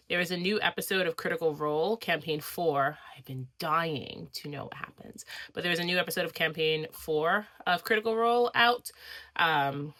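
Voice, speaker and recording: A woman's voice: sits low, sharp tone, no room sound. A woman vlogger talking casually to her camera, chatty and rambling with frequent fillers. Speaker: crafting vlogger. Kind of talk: casual vlog chat.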